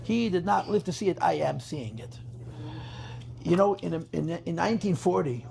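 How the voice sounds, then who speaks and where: Gravelly high-voiced rabbi telling a story. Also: male voice, lively intonation, moderate pace, darkish tone, faint music behind. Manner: emphatic, repeats phrases, mixes in Yiddish terms. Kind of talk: farbrengen storytelling talk.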